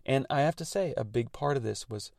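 A man's voice: mid-range voice, fairly quick, creaky, darkish tone, dry recording, studio quality. A man hosting a radio show, talking through technical details and his thoughts in an earnest, reflective monologue.

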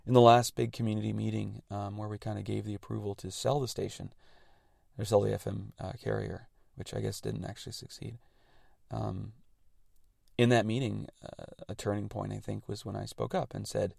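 A male radio host talks in an earnest, reflective monologue, laying out technical points plainly. His voice is low and heavily gravelly with lots of fry. The sound is dry and close. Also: level tone, normal speed, darkish tone, dry recording. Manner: earnest, thoughtful, explains technical detail plainly.

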